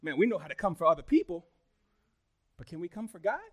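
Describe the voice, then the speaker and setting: A pastor preaching a sermon in an emphatic style, moving between loud calls to the church and soft, hushed prayer. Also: male voice, high-pitched, sing-song, fast talker.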